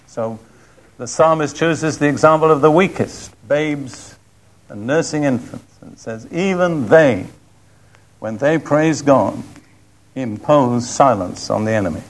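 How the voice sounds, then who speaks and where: An older man preaching a sermon, reading scripture in a slow, deliberate and emphatic way. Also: mid-range voice.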